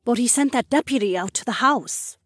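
A man voicing young women companions in an audiobook, in a light, soft-spoken way. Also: very high voice, a little fast, dry recording, clean studio sound, voice pushed up. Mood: earnest. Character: young women Freya and Sorsha, friendly companions.

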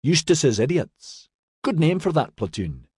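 A man's voice: mid-range voice, sing-song, moderate pace, darkish tone, slightly rough, dry recording, clean studio sound. A man voicing a cheeky, battered young constable with a wry, teasing manner.

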